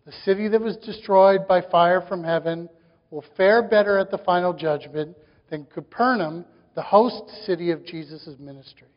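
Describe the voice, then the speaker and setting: High-voiced man preaching in a reverberant hall. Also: moderate pace. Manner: preaching with rising emphasis and rhetorical questions. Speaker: pastor. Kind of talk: sermon. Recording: dull sound with long reverb in a hall.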